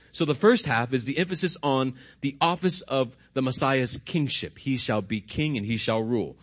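A man preaching a sermon as pastor, putting questions to the congregation and slowing down and dropping his voice to stress key words. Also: medium pitch, slightly rough. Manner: slows and drops his voice for emphasis.

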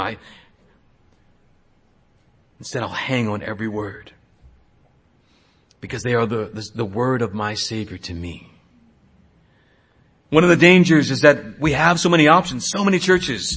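A man in his thirties, a pastor preaching a sermon, swinging between hushed asides and loud exhortation. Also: medium pitch, animated, normal speed, long pauses, husky.

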